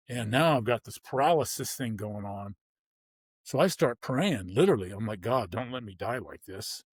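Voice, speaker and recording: A man's voice: medium pitch, dry recording. A man telling his story bluntly in an interview, acting out the people he quotes. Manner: vivid, blunt storytelling with acted-out dialogue. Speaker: guest, former pro football player.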